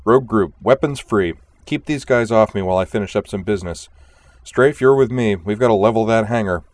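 A deep-voiced man voicing a cool-headed woman fighter pilot who leads her squadron, speaking in brisk, commanding radio calls. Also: close to an everyday voice.

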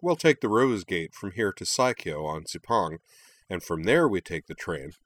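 A man voicing an easygoing young male adventurer in a storybook reading, relaxed and breezy. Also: sits low, moderate pace, dry recording, exaggerated voice.

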